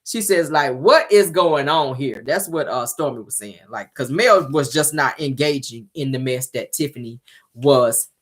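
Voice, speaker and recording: Recapping an episode of a reality show, a woman speaks at normal speed in a very deep, husky voice. Her tone is chatty and relaxed, and she slips into playful imitations of the cast.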